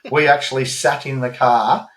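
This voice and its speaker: A man with an Australian accent co-hosting a podcast, telling animated travel stories in casual chat and swearing freely. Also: medium pitch, normal speed. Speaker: podcast co-host. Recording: roomy echo.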